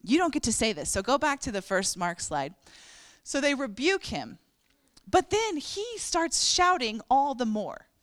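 A woman's voice: on the high side, big pitch swings, moderate pace, a bit bright, no echo. A woman preaching a sermon, telling the story with animation and acting out the characters' voices.

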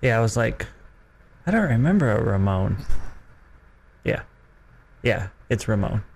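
A man's voice: medium pitch, very animated, measured pace, vocal fry, a little hiss or hum. Regular guy on sports radio, mid voice, keeps teasing the others. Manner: ribbing, chuckling. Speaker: co-host. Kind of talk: casual sports radio banter.

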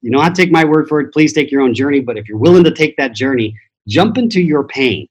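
Speaking quickly in a mid-range voice over poor audio, a middle-aged man guesting on a podcast delivers motivational stories from his life. The transformation teacher is blunt and profane and performs the voices of people he quotes.

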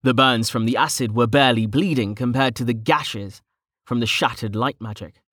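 A man narrating a fantasy audiobook in steady storytelling. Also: mid-range voice, normal speed, breathy edge, no room sound, clean studio sound.

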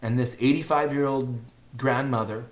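A middle-aged man telling a heartfelt personal story on a podcast, earnest and emotional, often halting and repeating himself. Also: mid-range voice, fairly even intonation. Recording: roomy echo.

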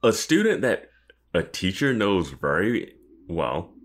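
Low voiced guy, really animated, cracking sarcastic jokes about the episode. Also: slow pace. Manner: animated, laughs often, sarcastic asides. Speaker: podcast co-host. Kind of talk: casual episode recap chat.

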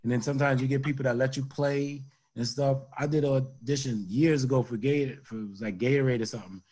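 A man's voice: medium pitch, steady tone, fast, a little mellow, breathy edge. A man who is a guest comedian, telling stories in a casual talk-show chat and repeating points for emphasis. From Brooklyn, New York.

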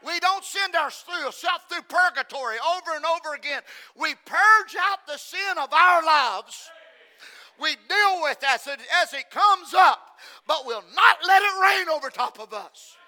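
A man preaching a sermon, shifting from shouted lines to hushed, near-whispered ones and repeating phrases for emphasis. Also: very high-pitched, expressive, a little slow.

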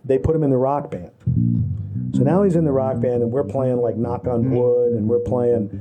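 A man's voice: mid-range voice, fairly even intonation, normal speed, music in the background. A man telling long casual anecdotes in a rambling way, with many restarts. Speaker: storyteller. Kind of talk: casual chat.

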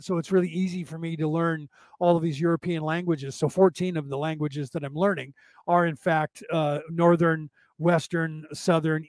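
A man's voice: on the high side, a little mellow, no echo. A man from California hosting a podcast, talking in a digressive solo monologue, repeating words and often asking "right?". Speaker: podcast host.

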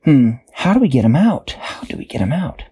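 A man's voice: on the high side, big pitch swings, a little fast, dark tone, husky, voice pushed up, heavily acted. A man doing a curious lady marine biologist. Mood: puzzled. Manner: thoughtful, explaining.

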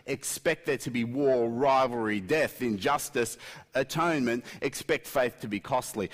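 A middle-aged man preaching a sermon, swinging between loud emphatic peaks and quiet intensity. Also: mid-range voice, moderate pace. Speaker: pastor. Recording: long hall reverb.

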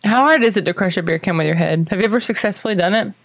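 A woman in her late twenties, co-hosting a podcast in casual chat, teasing and quick to giggle. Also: mid-range voice, no room sound. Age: late 20s. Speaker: podcast co-host.

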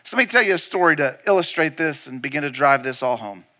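A man preaching a sermon to a church hall, telling a story and often dropping into a soft, intense hush for emphasis. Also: a little high, expressive, quick pace. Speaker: pastor.

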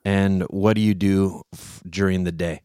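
Male host, low voice, chatty and prodding, dry close sound. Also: steady tone, unhurried, warm tone, clear, resonant tone, no echo. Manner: chatty, prodding, restarts often. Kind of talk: casual online show chat.

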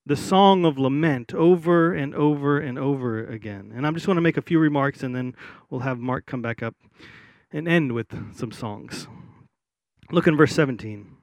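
A man preaching a sermon in an easygoing, conversational way, with fillers and restarts, who slows down to read scripture with solemn weight. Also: mid-range voice, a little mellow, no echo. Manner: reads scripture slowly and solemnly. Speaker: pastor.

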